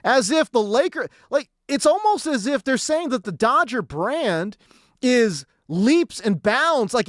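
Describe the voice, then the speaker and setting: A man's voice: very high-pitched, fairly bright tone, no room sound, studio quality. A man hosting sports talk radio, ranting in a heated, exasperated way and hammering his points with repetition.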